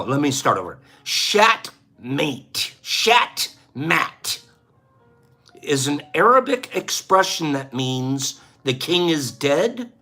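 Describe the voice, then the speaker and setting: A man's voice: a little high, bright, forceful tone. A man hosting a casual livestream, chatting and joking playfully with his viewers and laughing often. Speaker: livestream host.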